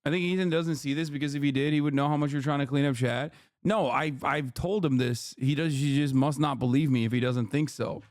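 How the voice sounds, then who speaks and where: A man hosting a livestream, his voice pitched a little above the usual male range. He lectures his chat in an exasperated, profane rant, and the sound is close and dry with no room echo. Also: brisk, hardly any pauses, a little mellow. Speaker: livestream host.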